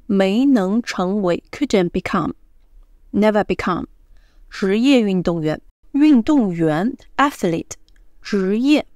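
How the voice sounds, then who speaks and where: A woman teaching Mandarin pronunciation, explaining in short phrases and slowly repeating the example words. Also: medium pitch, a little mellow, no echo, clean studio sound. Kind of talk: pronunciation lesson.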